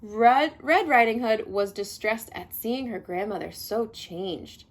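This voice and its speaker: A woman reading a picture book aloud to children, expressive and adding chatty asides as she goes. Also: mid-range voice, a little slow, gravelly, hardly any pauses. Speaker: read-aloud storyteller.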